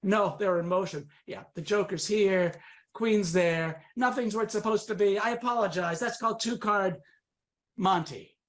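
A man's voice: sits high, moderate pace. A man performing comic magic patter for a live audience, swinging from very serious to absurd, with teasing asides.

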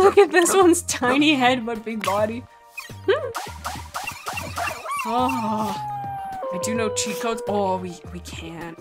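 A woman streaming a video game, chatting casually and excitedly talking to the little creatures on screen. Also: mid-range voice. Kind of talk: casual gameplay commentary. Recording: music playing behind the voice.

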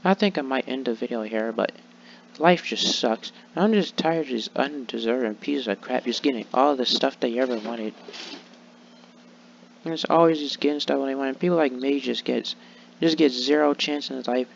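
A man's voice: mid-range voice, normal speed, creaky, dull audio, a little hiss or hum. A young man rambling sulkily in a vlog, full of restarts and fillers. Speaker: vlogger. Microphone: laptop mic.

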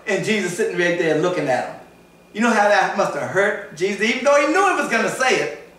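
A man's voice: high voice, a little fast. A pastor preaching a sermon in a church, acting out the voices of people in his stories as he goes. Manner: animated preaching, acts out voices in retold stories. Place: church sanctuary. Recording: echoey church hall, voice from far off.

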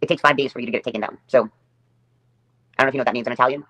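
A woman's voice: rumbling low, steady tone, rapid-fire, a bit bright, husky. A woman hosting her own livestream, delivering a sarcastic, taunting rant and repeating her jabs over and over. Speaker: livestream host.

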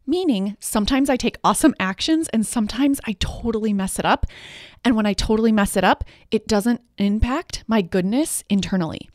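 A woman's voice: mid-range voice, expressive, brisk, no echo. Earnest woman podcast host, dry sound. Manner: warm, earnest, explanatory. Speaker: podcast host, parenting coach. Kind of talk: solo podcast teaching.

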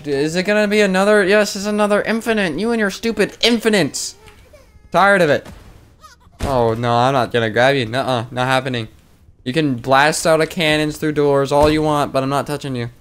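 A man's voice: fairly high pitch, fairly quick, fairly bright tone, clean tone, faint music behind. A man doing let's play commentary in a sarcastic, jokey way, scolding the game character and swearing in sudden outbursts. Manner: swears and exclaims in bursts. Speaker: gaming video creator.

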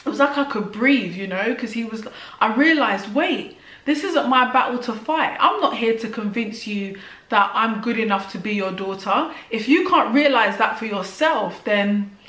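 A woman's voice: a little high, animated, fairly bright tone, far from the mic. Young woman, personal vlog testimony, hesitant and emotional, recorded in an echoey room, away from the mic. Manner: halting, frequent "like" and restarts, emotional. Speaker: vlogger. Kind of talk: personal testimony, casual talk to camera. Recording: roomy and off-mic.

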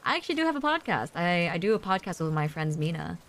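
A woman's voice: fairly low pitch, sing-song, fast, a bit bright. An American woman streaming a game, chatting and giggling with her viewers in casual commentary. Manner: chatty, giggly, talks to chat.

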